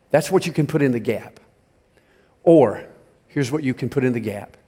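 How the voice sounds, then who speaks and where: A man preaching a sermon as pastor. He speaks emphatically, swings from soft asides to near-shouts, and talks straight to his congregation, telling them what to write down. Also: mid-range voice, expressive, normal speed, pauses often, slightly rough. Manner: addresses the congregation directly, asking them to take notes.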